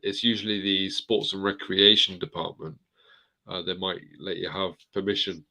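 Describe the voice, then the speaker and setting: Chatty man with a bright, low voice. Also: flat delivery, normal speed, vocal fry. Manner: chatty, rambling, swears casually. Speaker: host of a live chat stream. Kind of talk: casual live-stream chat reading viewer comments.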